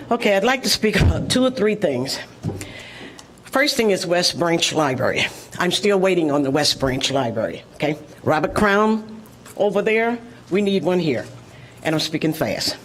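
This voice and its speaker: A woman's voice: low-pitched, big pitch swings, moderate pace, slight background noise, rough recording. An older woman, out of breath, giving an emphatic, folksy public comment at a city meeting and tagging her points with "okay?". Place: city council meeting room.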